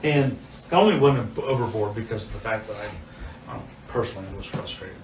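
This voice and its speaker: A man's voice: on the low side, moderate pace, background noise. An older man being confronted, speaking hesitantly and stumbling over repeated words. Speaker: man confronted in a sting video. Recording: roomy distant audio with faint ambience.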